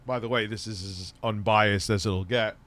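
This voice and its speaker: A man's voice: lowish voice, fairly even intonation, moderate pace, a bit bright, slight background noise. A man streaming from home, chatting casually, blunt and sarcastic with lots of swearing, and a bit stoned. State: stoned, voice lower than usual. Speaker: streamer and tech commentator. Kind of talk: casual profane live-stream chat.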